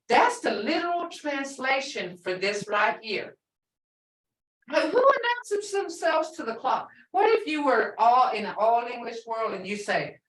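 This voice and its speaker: A woman's voice: high voice, lively intonation, measured pace, a bit bright. A woman language teacher in a classroom lesson, explaining words patiently and repeating phrases. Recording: echoey room, voice from far off.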